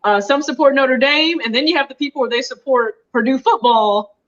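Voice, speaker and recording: A woman's voice: high-pitched, fairly bright tone, muffled recording. A woman from Michigan with a somewhat Southern US accent, chatting and laughing easily as a guest on a livestream. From Michigan, Detroit area. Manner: chatty and laughing, quick asides. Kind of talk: casual livestream chat.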